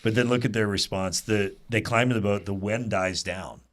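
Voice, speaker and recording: Lively low-voiced male Bible teacher. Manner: animated, quick asides and rhetorical "right?". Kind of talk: conversational teaching to a small group.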